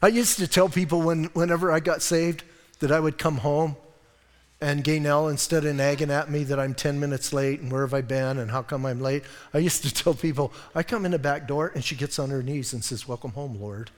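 Animated preacher in a church hall. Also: male voice, on the high side, fairly quick. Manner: animated, acts out voices of people in the story. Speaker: pastor. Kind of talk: sermon.

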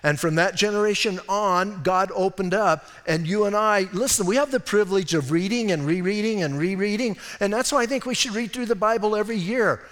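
A man's voice: sits high, fairly quick, hardly any pauses, fairly bright tone. A man preaching a sermon as pastor in an emphatic, conversational way, often urging the listeners to listen and acting out little scenes. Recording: long hall reverb.

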